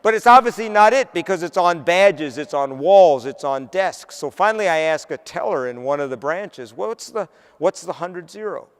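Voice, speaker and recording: A man's voice: on the high side, animated, moderate pace, few pauses, smooth. A man from the northern United States giving a motivational keynote, telling a story with punchy delivery and acting out the dialogue. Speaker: keynote speaker. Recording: long hall reverb.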